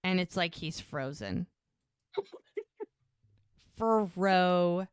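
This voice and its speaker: A woman co-hosting a casual recap podcast, retelling scenes in an animated way and acting out the characters' lines. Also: lowish voice, extremely slow, clean tone, no room sound, clean studio sound. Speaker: podcast co-host.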